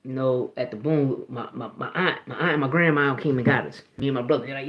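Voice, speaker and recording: A man's voice: medium pitch, expressive, fast talker, hardly any pauses, roomy sound, poor audio. A man, telling stories in a casual, profane, rambling way full of restarts and "you know what I mean". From Philadelphia, USA. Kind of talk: casual storytelling.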